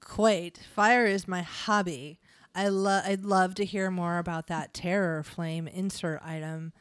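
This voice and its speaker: A woman's voice: fairly low pitch, steady tone, smooth, no room sound, close to an everyday voice. A woman reading the part of a sly male devil applying for a job, full of suggestive puns. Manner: suggestive, punning, slow and drawling. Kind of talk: reading a comedy script aloud.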